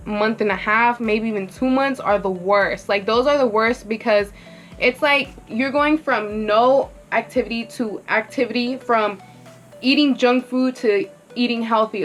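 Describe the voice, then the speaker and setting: A woman's voice: on the high side, a bit bright. A young woman vlogger telling her story in a rambling, candid way, filling her talk with "like" and swearing freely. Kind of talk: casual get-ready-with-me storytelling.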